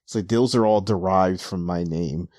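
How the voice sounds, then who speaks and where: Low-voiced man chatting on a podcast. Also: no echo. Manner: animated, acts out characters' lines in quick voices. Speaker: podcast host. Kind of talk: casual podcast chat recapping manga.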